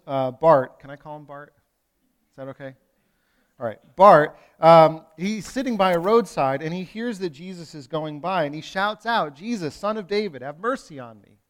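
A pastor delivering a sermon in a conversational way, moving from loud emphasis to hushed lines, with playful asides to the congregation. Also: male voice, a little high. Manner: conversational preaching with wide swings from loud to hushed.

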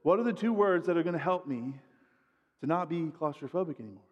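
A man's voice: on the high side, lively intonation, fast talker, long reverb tail, muffled recording. Man voicing a fearful woman client. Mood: anxious.

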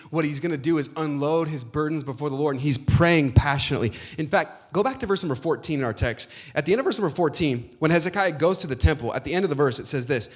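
A man's voice: fairly high pitch, expressive, fast. A middle-aged man preaching a sermon as pastor, emphatic and building to passionate peaks.

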